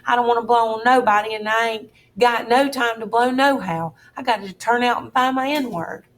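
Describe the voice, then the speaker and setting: A woman's voice: fairly low pitch, normal speed, gravelly. A woman voicing a scared young runaway boy, pleading in a raised, tearful voice. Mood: whimpering.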